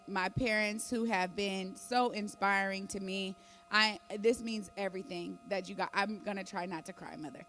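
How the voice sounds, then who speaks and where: A woman's voice: medium pitch, a bit bright, slight background noise. A woman co-hosting a live morning show on a theater stage, talking in a heartfelt, effusive way.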